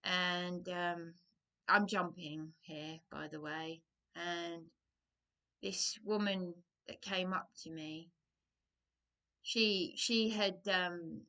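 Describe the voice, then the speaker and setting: A woman talks straight into a close camera, wandering from one point to another. Her voice is bright and a little low, and she speaks slowly, with sighs and hesitant restarts. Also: steady tone, muffled recording. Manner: digressive, hesitant, sighing. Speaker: vlogger. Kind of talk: rambling personal monologue.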